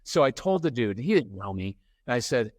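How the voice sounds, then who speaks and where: Speaking a little fast at medium pitch, this middle-aged parenting expert is a guest on a podcast, where he chats interview-style and brings his stories to life by performing the characters' lines. The sound is clean studio audio without echo.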